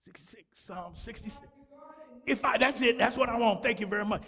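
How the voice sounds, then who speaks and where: A man preaching a sermon to a church congregation, fervent and repetitive, often breaking into shouts. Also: very high-pitched, brisk, vocal fry, slightly rough. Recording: long hall reverb.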